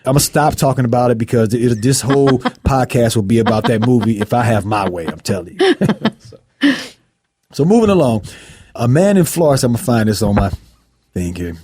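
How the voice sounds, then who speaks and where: Dark husky man telling a story. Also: medium pitch, a little fast, dry recording, studio quality. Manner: animated storyteller acting out scenes. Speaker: podcast host. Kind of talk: casual podcast chat.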